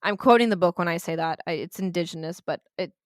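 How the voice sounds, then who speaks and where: A woman's voice: on the low side, fast, no room sound, studio quality. A woman co-hosting a podcast, retelling a haunting in a blunt, sarcastic way, swearing and laughing as she goes. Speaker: podcast co-host. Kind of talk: casual storytelling chat.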